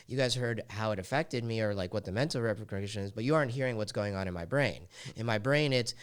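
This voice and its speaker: A man's voice: fairly low pitch, fast talker, hardly any pauses, clean tone. A man hosting a podcast, telling a personal story in a raw, confessional way full of casual fillers like "like.". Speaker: podcast host.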